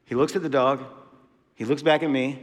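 A man's voice: mid-range voice, steady tone, moderate pace. A man preaching a sermon in a church hall, telling a story with lots of casual asides. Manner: conversational storytelling with frequent asides. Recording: long hall reverb.

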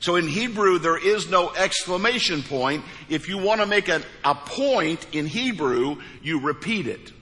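Recorded amid the long reverb of a big church sanctuary, this Missouri pastor has a bright, high-sitting voice with lively intonation, a measured pace and few pauses. His sermon carries a joke and folksy storytelling punctuated by emphatic repetition.

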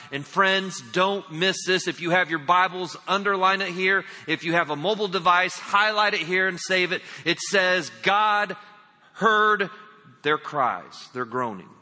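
Bright-voiced man preaching in a reverberant hall. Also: high voice, moderate pace, hardly any pauses. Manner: emphatic, addresses listeners as friends. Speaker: pastor. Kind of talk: sermon. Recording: long reverb of a large hall.

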